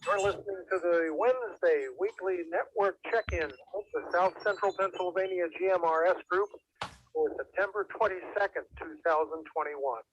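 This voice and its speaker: Man, net control operator, high voice, formal announcing, dull radio sound with faint hiss. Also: normal speed. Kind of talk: reading a net check-in script.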